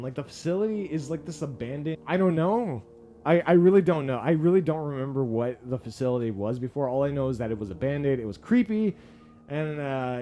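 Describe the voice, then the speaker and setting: A man giving a casual, profane movie review, excitable and full of fillers. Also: mid-range voice. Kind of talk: casual spoken film review.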